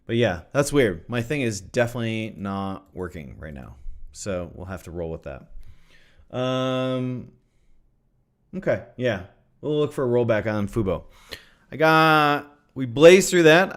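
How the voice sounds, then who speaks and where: A man's voice: medium pitch, clear, resonant tone. Chatty man hosting a trading livestream. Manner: chatty, thinks aloud, repeats phrases. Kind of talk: casual livestream market analysis.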